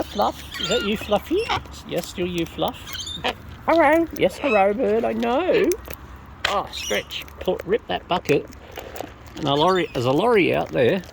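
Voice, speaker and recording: A woman's voice: lowish voice, gravelly. A woman talking baby-talk to the wild birds she is feeding, in a casual, cooing way. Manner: coos and baby-talks to birds. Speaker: bird feeder filming wild birds. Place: outdoors among birds. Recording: noisy outdoor recording with birds.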